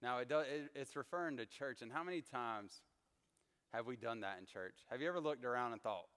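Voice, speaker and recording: A man leads a casual Bible study in a church hall, chatting through his stories with lots of little fillers. His voice is smooth and clear. A long reverb trails behind his words. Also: mid-range voice, fairly quick. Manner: chatty, animated storyteller with frequent fillers.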